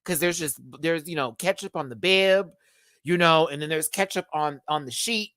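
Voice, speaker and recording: A man giving a casual live review of a reality show, expressive and profane, swinging between emotional and giggly. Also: a little high, normal speed, dry recording, studio quality.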